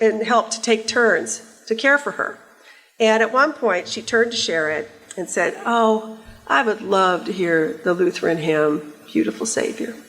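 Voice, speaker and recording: With a fairly high, slightly bright voice, a sixties-aged woman gives a keynote in a big hall. She's a wry, chatty storyteller who likes to tease her listeners.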